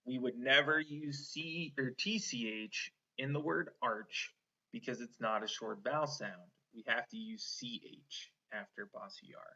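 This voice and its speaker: A man teaching an online phonics lesson to children, slow and encouraging, stretching out each sound. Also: medium pitch, bright, forceful tone. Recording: slightly dull lo-fi online lesson audio.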